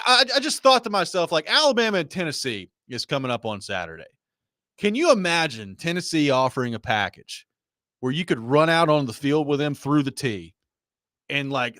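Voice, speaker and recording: A man hosting a sports talk show, telling a story in a casual, animated way with laughing asides. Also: on the high side, dry recording, studio quality. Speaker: sports radio host.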